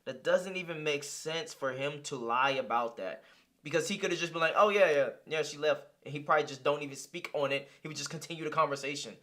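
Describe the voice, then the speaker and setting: A young man reacting to a clip in blunt, profane, heated casual commentary. His voice is bright and forceful and sits a little high. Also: fast. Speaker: reaction streamer.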